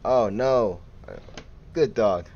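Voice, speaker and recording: A man's voice: on the low side, drawn-out words, dull audio, slight background noise. A young man giving casual, giggly commentary while livestreaming a game and chatting with viewers. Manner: giggly, easily excited, chatty with chat. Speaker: gaming livestreamer.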